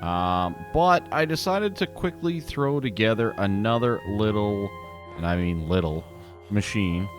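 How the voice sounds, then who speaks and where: A low-pitched man narrates his own gameplay in a relaxed, unhurried way, his pitch leaping up and down as he talks. He is chatty and pokes fun at himself while speaking straight to his viewers, with faint music under his voice. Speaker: gaming video host. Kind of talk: casual gameplay commentary.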